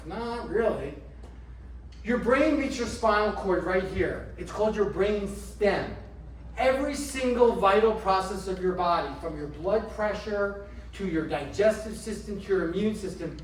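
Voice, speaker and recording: A middle-aged man, a chiropractor, giving a motivational health talk to a live audience, asking them questions and slowing down to stress key phrases. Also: high voice. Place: indoor event room. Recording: roomy echo, mic from a distance, faint background noise.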